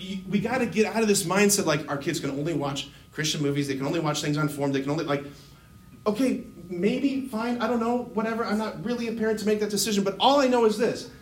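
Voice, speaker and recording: High-voiced priest preaching animatedly in an echoey hall. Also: male voice. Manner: animated and conversational, with many fillers. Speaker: Catholic priest. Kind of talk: lively sermon to a live audience. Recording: roomy hall sound with faint noise.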